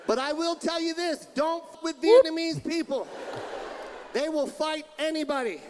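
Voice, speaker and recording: A man doing a loud stand-up comedy set, putting on voices and laughing between lines, recorded live in a comedy club. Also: extremely high pitch, normal speed, slight background noise.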